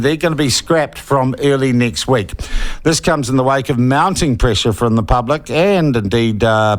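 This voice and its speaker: A man with a New Zealand accent hosting a radio talk show, chatty and prone to joking asides. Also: medium pitch. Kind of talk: conversational radio interview.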